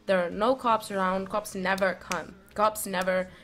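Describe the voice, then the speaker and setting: A young woman vlogging, telling a story in a rambling, animated way full of fillers and restarts. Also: mid-range voice, unhurried, noisy background. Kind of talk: casual storytelling.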